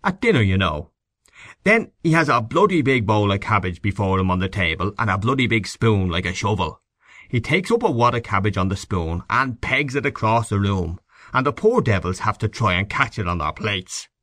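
A grave, worldly middle-aged official, voiced by a male audiobook reader, who tells a tale with lively rises and falls. The sound is dry and close. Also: lowish voice, normal speed, dry recording. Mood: storytelling. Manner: grave, then mocking as a drill sergeant. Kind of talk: audiobook character voice.

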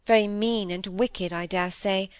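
A woman's voice: medium pitch, steady tone, unhurried, clean tone, no room sound, voice pushed down, natural voice. A woman reading the part of a troubled young woman confessing her regrets to a friend, earnest and regretful. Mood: confiding. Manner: earnest, regretful, rising to indignation. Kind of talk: audiobook reading of dialogue.

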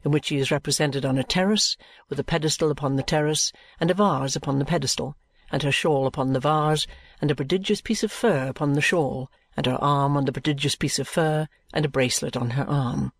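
An audiobook reader narrating a classic novel in a measured, even storytelling manner. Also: mid-range voice, no echo, clean studio sound.

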